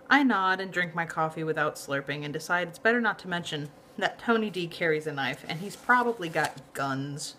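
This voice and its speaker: A woman casually reading a novel aloud in a lively, conversational way. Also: sits low, brisk, few pauses, a little hiss or hum. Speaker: reader of a novel.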